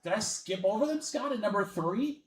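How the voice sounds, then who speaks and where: A man's voice: high voice, animated, moderate pace. A man hosting a live card break, chatting casually and calling out names and teams as he goes. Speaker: sports card break host. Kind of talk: casual livestream chat. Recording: echoey room with faint music. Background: faint background music.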